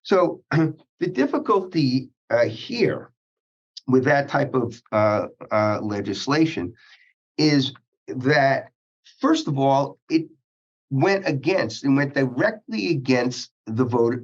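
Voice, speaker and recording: A man as an interview guest, speaking in measured legal phrasing, halting often with uhs and restarts. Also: mid-range voice, sing-song, husky. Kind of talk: policy interview. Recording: dull lo-fi sound.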